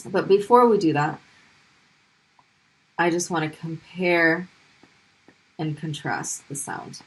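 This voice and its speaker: A woman teaching a language lesson, patiently explaining letters and slowly repeating sounds for students to copy. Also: on the low side, breathy edge. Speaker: Arabic teacher. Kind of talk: classroom lesson explaining pronunciation.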